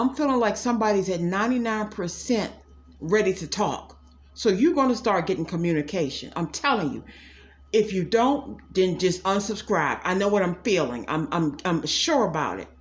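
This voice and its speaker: A middle-aged woman doing a casual psychic reading for her viewers. She is blunt and sassy and keeps calling them "y'all". Her voice sits at an ordinary middle pitch. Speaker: psychic tarot reader. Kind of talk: casual direct-to-camera reading.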